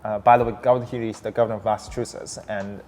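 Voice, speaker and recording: A young startup founder races through his story in a casual interview, his fairly low voice animated and full of restarts and fillers. Long hall reverb and faint noise color the recording.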